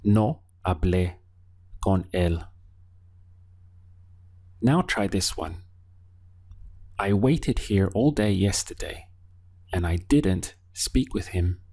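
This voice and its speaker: A man teaching a Spanish lesson, giving patient prompts and leaving pauses for the learner to answer. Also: fairly low pitch, animated, vocal fry, darkish tone, breathy edge. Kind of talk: language lesson.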